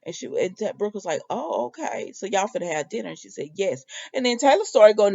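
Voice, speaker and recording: Woman, soap opera reviewer, casual chat, mid-pitched voice, a bit muffled audio. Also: animated, moderate pace, vocal fry, hardly any pauses, darkish tone. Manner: chatty, many fillers, quotes characters in her own voice.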